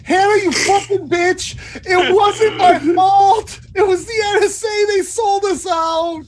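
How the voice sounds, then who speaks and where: A man voicing a panicked man who screams and sobs in a shrill, crying shriek during a tabletop role-play. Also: fairly even intonation, slow pace. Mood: hysterical.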